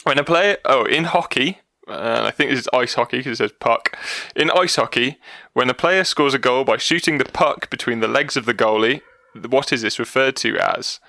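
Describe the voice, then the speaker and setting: Casual podcast co-host, man, gravelly and bright, jokey, laughs a lot, dry close mic. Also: medium pitch, moderate pace, few pauses, no room sound. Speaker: podcast co-host reading a quiz.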